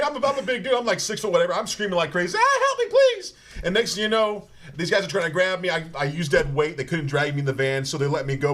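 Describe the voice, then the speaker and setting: A man telling rambling, animated comic stories on stage as a guest, stumbling over his words and laughing as he goes. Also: a little high. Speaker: guest comedian. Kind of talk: live comedic storytelling.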